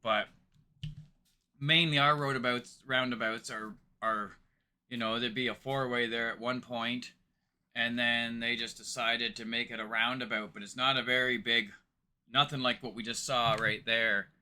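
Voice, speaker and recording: Bright-voiced man from Ontario, rambling. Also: medium pitch, fairly even intonation, moderate pace. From Ontario, Canada. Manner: rambling, hesitant, many fillers. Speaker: reaction channel host. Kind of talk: casual reaction commentary.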